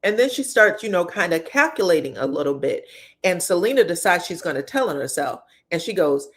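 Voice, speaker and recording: A woman's voice: lowish voice, fairly quick. Lady breaking down reality tv drama, blunt, slangy, cusses, calls the cast out directly. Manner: candid, talks straight to the cast, swears freely; slangy and expressive. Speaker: reality TV commentator. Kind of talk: reality TV recap commentary.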